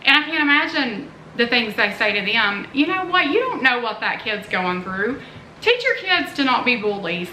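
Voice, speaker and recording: Middle-aged woman, chatty vlogging mom, bright forward tone, roomy echo. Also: on the high side. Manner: chatty, earnest, rambling asides. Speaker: family vlogger, mother. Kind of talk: casual chatty vlog. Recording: roomy echo, faint background noise.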